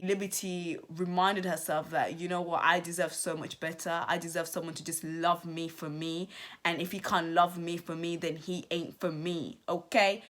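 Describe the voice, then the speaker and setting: A young woman commenting on a reality TV episode to her channel viewers, chatty and animated, repeating herself and saying "like" often. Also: fairly low pitch, normal speed. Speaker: YouTube reality show commentator. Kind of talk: casual commentary to camera.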